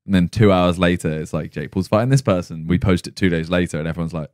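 A young man with a lowish voice tells anecdotes animatedly, jumping up in pitch when he quotes people or laughs. The sound is dry and close. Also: fast talker, no room sound. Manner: animated storyteller, acts out quotes, laughs loudly. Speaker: podcast co-host. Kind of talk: casual chat.

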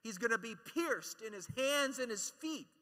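A man gives a lively conference talk, high in pitch and very bright in tone. He jokes, acts out quotes and keeps the crowd with him. His voice rings with the long reverb of a large hall. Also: normal speed. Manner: animated, joking asides and acted-out quotes. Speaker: speaker at a Catholic conference.

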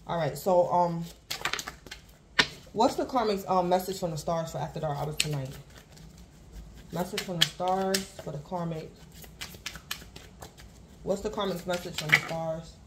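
A woman's voice: fairly low pitch, unhurried, long pauses, very noisy. Woman, tarot reader, casual and rambling, repeats herself, speaks to the collective. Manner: rambling and repetitive, addresses the collective; speaks in loose restarts, circling back to one point. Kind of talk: casual tarot reading to viewers.

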